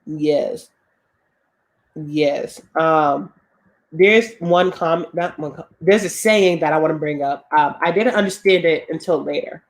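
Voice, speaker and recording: A woman's voice: sits low, takes it slowly. Boston woman w a little southern drawl, cohost just chatting, no filter, acts out everyone in her stories. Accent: Boston with a slight Southern drawl. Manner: candid, animated storyteller acting out quoted voices. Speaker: podcast co-host. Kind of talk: casual chat.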